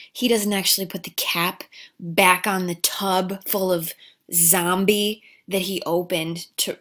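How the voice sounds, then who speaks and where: A woman who recaps a movie at an unhurried pace, piling on deadpan, sarcastic commentary. She swears freely and pauses to mock the plot. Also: fairly low pitch. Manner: sarcastic, profane, deadpan asides.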